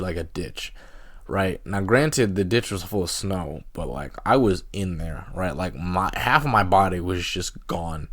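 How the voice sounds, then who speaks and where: A man's voice: deep voice, dry recording, clean studio sound. A young man hosting a solo podcast, telling a story casually with lots of fillers and laughing at himself. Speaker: podcast host.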